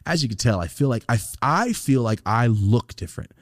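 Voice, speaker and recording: Speaking fairly quickly in a mid-range voice, a young podcast co-host shares casual stories about getting past a sinus infection. He's animated and heavily profane, acting out what others told him, and the studio-quality recording is dry.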